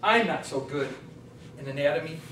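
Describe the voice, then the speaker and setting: A man giving a humorous contest speech, telling a story with deadpan punchlines. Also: a little high, normal speed, very noisy. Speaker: contest speaker. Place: hall on stage before a laughing audience. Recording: echoey hall, mic at a distance.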